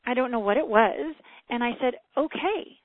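A woman in her forties hosting the talk as a relationship coach, telling her story with lively, chatty energy and frequent short agreements. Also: on the high side, a little fast. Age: 40s. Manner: warm backchannels, lively storytelling, laughs often. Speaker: podcast host, relationship coach. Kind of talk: conversational interview. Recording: tinny phone-like line, dry.

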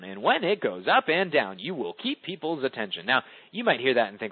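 A man leading a conference call, teaching public speaking in an animated coaching talk that swoops up and down for emphasis. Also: mid-range voice, fairly quick, hardly any pauses, husky, no echo. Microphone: phone. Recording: tinny phone line, dry.

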